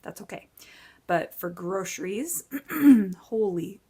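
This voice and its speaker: A woman's voice: medium pitch, lively intonation, takes it slowly, mellow, husky. A woman in her forties chatting casually and upbeat while she counts cash into budget envelopes, tired from little sleep. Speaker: budgeting vlogger.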